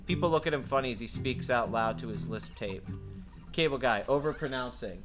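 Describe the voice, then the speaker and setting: A man's voice: mid-range voice, expressive, a little fast, over music. A man reading stage directions and dialogue aloud in a script read-through, narrating action. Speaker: script reader.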